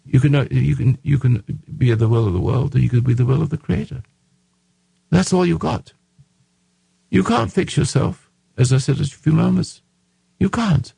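A rough, gravelly-voiced man holds forth on his radio show, pushing his voice loud and insistent as he preaches to listeners. His tone is husky and the sound is dry and close to the mic. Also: medium pitch, moderate pace, no room sound. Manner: emphatic, raising his voice, preachy. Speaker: radio talk show host. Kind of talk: radio monologue.

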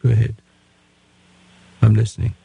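A gravelly old man in his eighties, his voice husky and dark, giving blunt, lecturing advice to a caller on a radio show. He keeps breaking off and restarting his sentences as he pushes his point. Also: fairly low pitch, completely flat delivery, normal speed, no echo. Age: 80s.

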